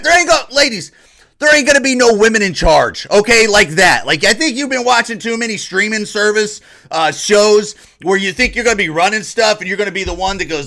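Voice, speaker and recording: Man, podcast host, high lively voice, combative repetitive rant. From Ohio. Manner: mocks others in put-on voices. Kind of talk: opinion podcast monologue.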